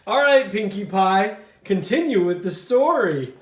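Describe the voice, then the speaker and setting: A man's voice: high-pitched, very animated, a little slow, few pauses. A man hosting a children's story time, playfully coaxing the kids to join in. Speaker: children's show host. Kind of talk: chatting with kids between reading.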